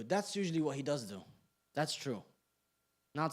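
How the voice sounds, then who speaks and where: A man's voice: a little high, moderate pace, pauses often. A young man leads an evening class with a slightly raised voice. He talks loosely and jokes a lot. He keeps tossing questions out to the room. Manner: animated, joking, questions the room. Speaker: class instructor. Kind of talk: interactive class talk. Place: community center classroom.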